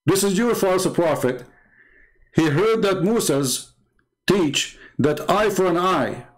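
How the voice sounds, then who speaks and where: A man's voice: high-pitched, animated, slow pace. A man hosting a livestream, talking in a mocking, emphatic, sarcastic way. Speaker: host. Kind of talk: livestream commentary.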